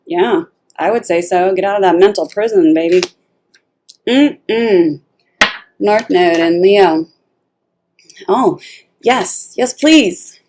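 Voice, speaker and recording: Tarot reader, woman: laid-back pace, low register, animated and foul-mouthed. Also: unhurried, pauses often, slight background noise. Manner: animated, blunt and profane, laughs often. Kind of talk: casual tarot reading.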